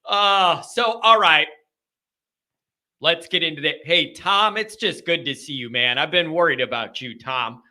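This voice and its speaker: Bright, high-voiced talk show man. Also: a little slow. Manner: chatty, rambling, greets viewers by name. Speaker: host of a fan call-in show. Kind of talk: casual live show chat. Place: studio.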